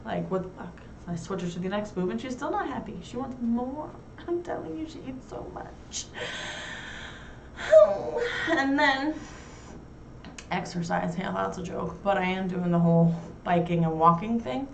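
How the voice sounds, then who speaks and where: A woman's voice: mid-range voice, very animated, unhurried, creaky, background noise. Frank, crude woman host, roomy and distant. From New York. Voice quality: frank, crude, self-mocking humor. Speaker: talk show host. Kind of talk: casual chat. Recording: roomy echo, heard from far off.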